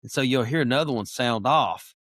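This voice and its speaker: A middle-aged man, a podcast guest chatting casually and telling lively stories, now and then imitating animal calls. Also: mid-range voice, brisk, no echo, clean studio sound. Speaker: podcast guest, wildlife biologist. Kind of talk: casual interview chat.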